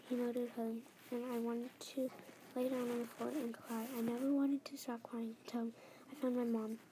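A young female reader reading her own story aloud in the first person, halting and restarting phrases as she reads. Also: on the high side, dark tone, low-quality recording. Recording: faint background noise.

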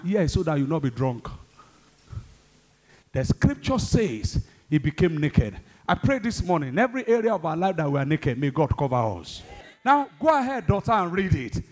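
Male pastor, exhorting sermon, high-pitched and very animated. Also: normal speed. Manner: exhorting, calls the congregation to respond; swings between loud high bursts and low asides.

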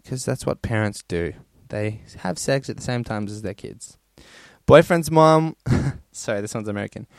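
A man's voice: medium pitch, normal speed, no room sound, studio quality. A man hosting a podcast, casually reading listener stories in a crude, rambling way and laughing often. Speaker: podcast host.

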